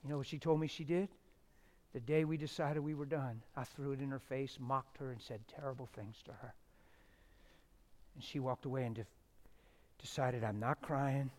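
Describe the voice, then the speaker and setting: A middle-aged man preaching a testimony sermon, swinging from loud shouted stretches to hushed, near-whispered ones. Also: medium pitch, steady tone, normal speed, long pauses.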